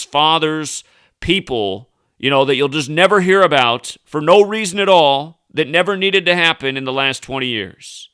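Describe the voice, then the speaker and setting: This conspiracy news commentator, a thirtysomething man, speaks a little high, his smooth voice pushed and bright. He delivers a casual, rambling rant, indignant and emphatic, restarting often.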